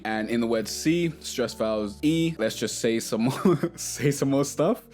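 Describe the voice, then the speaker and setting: A man hosting a casual music tutorial, talking to camera in a relaxed, chatty way and sometimes singing short melody snippets. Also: mid-range voice, unhurried, few pauses.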